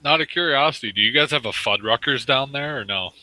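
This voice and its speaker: A man's voice: medium pitch, fast, noisy background. A man in a casual online voice chat, bantering bluntly and swearing. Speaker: voice chat participant.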